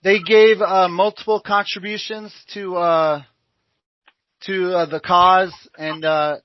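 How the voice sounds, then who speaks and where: A man co-hosting a casual chat show, hesitant and halting, giving thanks and shout-outs. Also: sits high, flat delivery, no echo. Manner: hesitant, many "uh" fillers, grateful. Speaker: co-host. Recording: muffled lo-fi audio.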